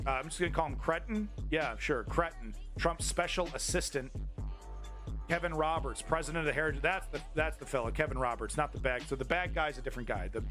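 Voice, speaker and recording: A man hosting a live news stream, ranting about politics to his chat in a heated, profane, rambling way with many restarts. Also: mid-range voice. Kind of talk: angry political commentary to chat.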